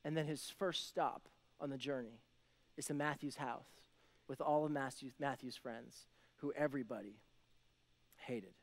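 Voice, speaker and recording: A young man preaching a casual, conversational sermon, acting out the people in the story with quick voices and lots of "like" and "right?". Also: medium pitch. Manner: conversational, acts out voices of biblical characters, many "like" and "right?". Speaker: pastor.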